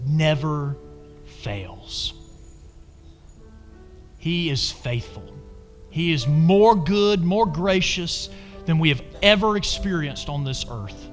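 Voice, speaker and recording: A male pastor delivering a sermon in a high, lively voice that rises and falls widely. He is emphatic, moving between loud exhortation and quiet, intimate asides. The sound carries the long reverb of a large church hall. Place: church sanctuary.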